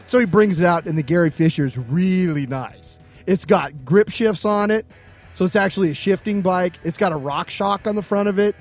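Middle-aged podcast co-host with a high voice, animated casual storyteller who acts out dialogue, faint music underneath. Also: male voice, normal speed. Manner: animated anecdote, mimics other people's lines, laughs often.

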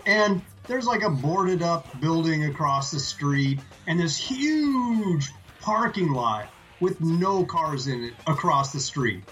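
A man's voice: a little high, expressive, slow pace, few pauses, a bit bright, soft background music. A man co-hosting a comedy podcast, joking with wry asides in casual banter. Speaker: podcast co-host.

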